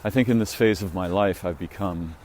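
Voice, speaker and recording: A man telling a reflective, meandering story on a walk-and-talk vlog, halting and restarting as he muses. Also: low voice, a little mellow, a little hiss or hum. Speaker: vlogger. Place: outdoors, walking.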